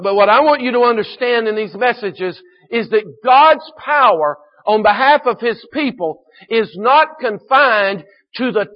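High-voiced preacher on a dull recording. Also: male voice. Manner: earnest, slows down to stress key points, clears throat often. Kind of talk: sermon.

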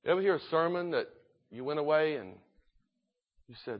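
A man delivers a sermon with a slightly high voice, earnest and emphatic, slowing down and rising in volume to press his points. The recording is muffled, like an older lo-fi church tape. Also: animated. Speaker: preacher.

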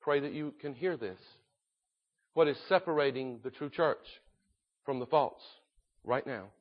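A man preaching a sermon in an earnest, emphatic way, slowing down and swelling in volume to drive points home. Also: medium pitch, muffled recording.

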